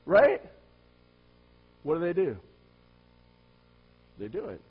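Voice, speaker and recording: A man preaching a sermon, firing rhetorical questions at the congregation and swinging between loud emphatic lines and quiet low asides. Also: huge pitch swings, slow, husky. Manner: asks the listeners many rhetorical questions. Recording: dull lo-fi recording.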